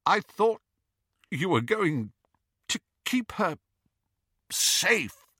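A man reading an anguished, bitter grown man in an audiobook, pleading in a strained voice that breaks into shouts. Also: mid-range voice, huge pitch swings, slow pace, dry recording, clean studio sound, full character voice.

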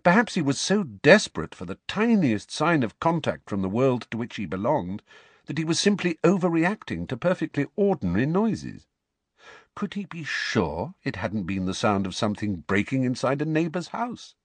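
A man reading a novel aloud as an audiobook narrator, in expressive storytelling narration. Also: moderate pace, breathy edge, no echo. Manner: expressive storytelling, rising pitch on anxious questions. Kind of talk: scripted narration.

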